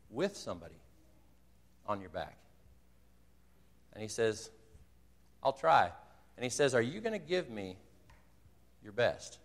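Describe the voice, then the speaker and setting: Male preacher, mid-pitched, earnest storyteller, recorded in a reverberant church hall. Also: a bit bright. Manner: earnest storytelling, retells a movie scene with quoted dialogue. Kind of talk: sermon. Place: church sanctuary.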